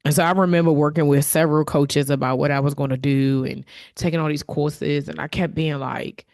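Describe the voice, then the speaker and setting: Low-voiced woman hosting a heartfelt podcast. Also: steady tone, brisk, creaky, few pauses, darkish tone. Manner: candid, conversational, openly emotional. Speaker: podcast host. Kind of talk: reflective solo podcast talk.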